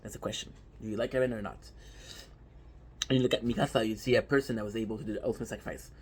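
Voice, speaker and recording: A man talking casually and with energy, his voice a little husky and grainy. He keeps stressing his points and asking rhetorical questions as he speaks straight to his audience. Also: fairly low pitch, racing. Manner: animated, emphatic, with repeated rhetorical questions. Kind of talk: casual anime talk to viewers.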